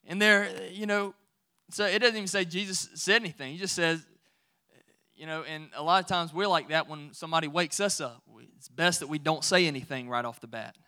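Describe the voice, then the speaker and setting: A man preaching to his congregation in a high, bright voice. He talks in a loose, conversational way, then builds to firm, emphatic declarations. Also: normal speed, smooth. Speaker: pastor. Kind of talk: sermon.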